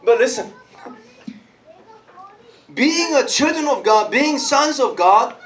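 High-voiced, lively preacher man. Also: slow pace, slight background noise. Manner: lively, calls out to the congregation and laughs often. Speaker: pastor. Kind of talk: sermon.

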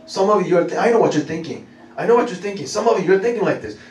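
A man in his thirties preaches an animated sermon in a high, swooping voice, often laughing and repeating himself as he calls to the congregation. He sounds set back from the mic in a roomy, echoing church hall with faint noise behind him. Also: rapid-fire. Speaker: pastor. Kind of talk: lively sermon. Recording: echoey room, mic at a distance, faint noise.

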